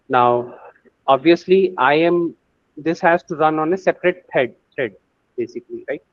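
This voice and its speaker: A man's voice: medium pitch, no echo, highs cut off. A man teaching a screen-share coding lesson, thinking aloud with many fillers and restarts. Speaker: AI course instructor.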